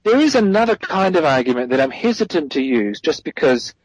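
A man's voice: on the high side, sing-song, a little fast, slightly rough, no room sound, rough recording. A man as a guest theologian, giving a thoughtful explanatory answer in an interview, correcting himself as he goes and stressing key points.

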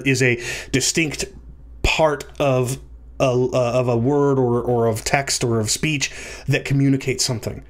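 Male commentator, a bit high-pitched, animated, explaining step by step for a video. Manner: animated, pitch swooping up for emphasis.

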